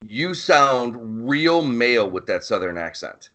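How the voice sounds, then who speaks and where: A man's voice: mid-range voice, sing-song, slow, pushed and bright. A man co-hosting a podcast in casual chat, rambling and profane, often searching for his words. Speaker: podcast co-host.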